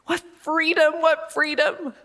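A woman preaching a sermon in an emotional, emphatic way, laughing and pausing as she speaks. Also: high-pitched, little pitch movement, fairly bright tone. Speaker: speaker at a women's gathering. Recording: long hall reverb.

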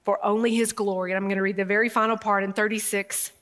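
A woman preaching a sermon in an emotional, emphatic way, laughing and pausing as she speaks. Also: on the high side, a bit bright. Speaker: speaker at a women's gathering. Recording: long hall reverb.

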